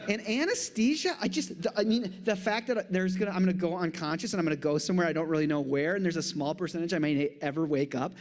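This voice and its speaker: A middle-aged man speaking at a church conference with a slightly high voice. He tells stories in an animated way, full of jokey asides. He sounds like he is talking live to an audience in a hall. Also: fast talker, few pauses. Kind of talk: humorous conference talk.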